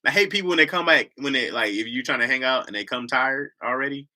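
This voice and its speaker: A man telling comedic stories in a casual, animated way, putting on loud mocking voices and laughing often. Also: mid-range voice, quick pace, hardly any pauses.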